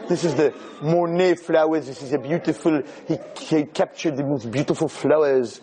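A man giving a joke-filled lecture, telling stories in an animated way that builds to shouting. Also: a little high, moderate pace, few pauses, rough recording. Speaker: Jewish lecturer.

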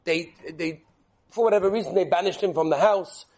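High-voiced husky rabbi preaching animatedly. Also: male voice, brisk. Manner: animated, peppers English with Yiddish and Hebrew terms, quizzes listeners. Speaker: rabbi teaching a Torah class. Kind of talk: animated Torah sermon with storytelling.

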